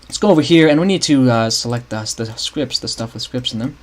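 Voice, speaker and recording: Slight background noise sits under a young man's mid-range voice, which runs a little fast. He's on a livestream building a game map, casually musing aloud, restarting a lot, and talking with viewers.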